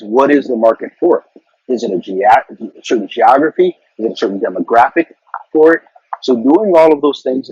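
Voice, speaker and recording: A husky, middle-aged corporate marketing executive gives career advice as a guest in a casual conversational interview. His medium-pitched voice is earnest, with frequent repeated words, and the recording is dry, dull and lo-fi.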